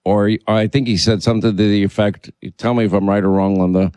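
A man's voice: on the low side, steady tone, fast talker, mellow, dry recording. A man hosting a political radio talk show, speaking emphatically and indignantly, often repeating himself. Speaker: radio and podcast host.

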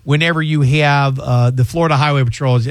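Chatty radio host, dry studio sound. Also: male voice, medium pitch, steady tone, fast talker, no echo. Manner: chatty, storytelling, jokey asides. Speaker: radio call-in show host and attorney. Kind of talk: casual radio call-in talk.

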